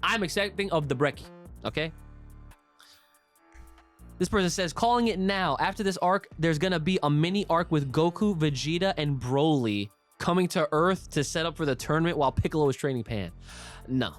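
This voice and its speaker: A man's voice: fairly high pitch, expressive, moderate pace, faint music behind. A young man co-hosting a casual podcast, talking animatedly, swearing and laughing as he reads listener comments aloud. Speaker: podcast co-host.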